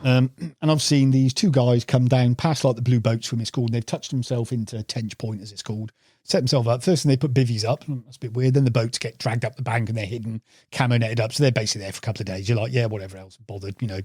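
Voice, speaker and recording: A man on a podcast, a carp angler, shares rambling fishing stories in a casual interview, calling the host "mate". He speaks fast and fairly evenly, his mid-range voice mellow with a breathy edge, in echo-free studio quality.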